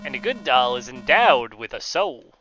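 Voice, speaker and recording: A man's voice: medium pitch, big pitch swings, sharp tone, highs cut off, soft background music. A man reading game lines in a put-on grandpa voice, playing a creepy old assassin who gloats over his prey. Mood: relishing. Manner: put-on grandpa voice, slow, relishing.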